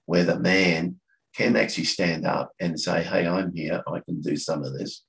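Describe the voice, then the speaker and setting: Deep gravelly Australian man chatting. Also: fairly even intonation, a bit bright, low-quality recording. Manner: halting, with many restarts and fillers. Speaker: coffee catch-up organiser, podcast guest. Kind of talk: casual conversation.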